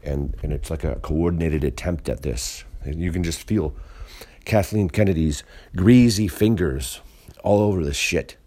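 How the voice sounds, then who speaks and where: A man's voice: very deep voice, moderate pace, warm tone. A man hosting a solo podcast, ranting bluntly and profanely in a rambling, disgruntled way with frequent restarts. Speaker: podcast host. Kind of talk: solo monologue rant.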